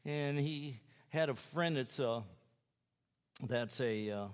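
A man's voice: medium pitch, takes it slowly, smooth, big-room sound. A man who preaches in jails tells his personal testimony in a folksy, rambling way, acting out the lines of other people. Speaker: jail preacher.

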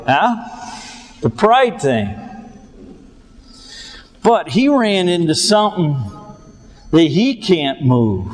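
A man telling a story as a sermon, slow and deliberate, asking his audience questions. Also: high-pitched, big-room sound.

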